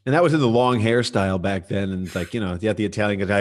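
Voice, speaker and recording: Male host, lowish pitch, energetic joker, casual chat. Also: quick pace, few pauses. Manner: joking, energetic, loose with filler words. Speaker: podcast host.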